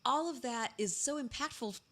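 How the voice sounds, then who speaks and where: A woman talking as a podcast guest in a casual chat, animated and chatty, often restarting her sentences. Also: high-pitched, normal speed.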